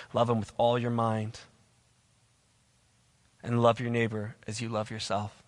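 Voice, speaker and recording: In a long-reverb church hall, a pastor preaches to the camera for an online congregation, hammering home the same key phrases. He has a medium-pitched voice with a fairly bright tone.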